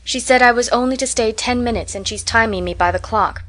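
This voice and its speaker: A woman's voice: fairly high pitch, brisk, a bit bright, close to an everyday voice. A woman voicing a devoted young girl who speaks mournfully and earnestly.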